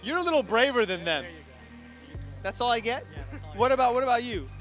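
A man's voice: very high-pitched, animated, a little fast. A man from Turkey working as a TV reporter, joking and teasing as he interviews people outdoors on city streets with a handheld mic. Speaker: TV reporter and host. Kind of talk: playful street interviews and narration. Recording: music playing under the voice. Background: loud music.

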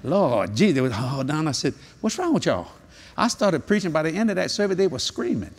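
An older man preaching a humorous sermon at a convention, telling jokey stories and breaking into sudden high-pitched exclamations. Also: sing-song, fairly quick, husky. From New Orleans, Louisiana. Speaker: evangelist. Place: large convention hall.

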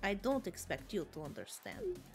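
A woman's voice: medium pitch, wildly swooping pitch, moderate pace, over music. A woman voicing an aloof, mysterious male wizard in a put-on Russian accent.

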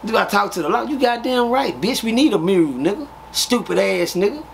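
A man with a Texas accent telling profane, animated prison stories in a casual interview, acting out scenes with sound effects. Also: high-pitched, fairly quick, creaky, slight background noise.

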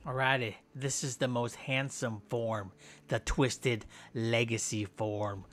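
A man's voice: mid-range voice, flat delivery, slow pace, a bit bright, faint music behind. A man giving casual gameplay commentary with playful, goofy mock trash talk.

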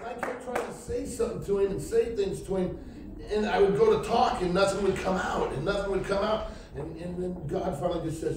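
A man's voice: sits high, brisk, few pauses. A middle-aged man giving a spoken testimony at a night church service, telling his story loosely and acting out what people said. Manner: rambling storyteller who acts out quoted speech. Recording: echoey church hall from far off, faint hiss.

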